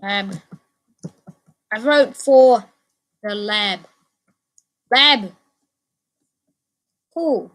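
A woman hosting her own gaming channel, giving excitable let's play commentary, repeating phrases and letting out sudden yelps. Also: mid-range voice, drawn-out words, long pauses.

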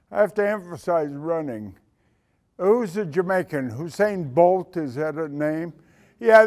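An older man, a retired senior military leader, giving a talk as an animated storyteller who acts out the dialogue. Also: high voice. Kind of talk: storytelling speech to an audience.

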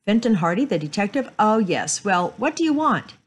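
A woman voicing a cranky elderly male stamp collector who sounds gruff and suspicious. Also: medium pitch, big pitch swings, moderate pace, voice pushed up.

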